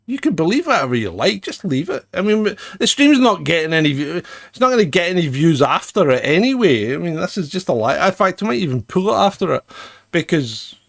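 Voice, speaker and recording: A man's voice: fairly high pitch, very animated, brisk, creaky, a bit bright, no echo. A man co-hosting an irreverent live commentary, sarcastic and ranting, laughing often.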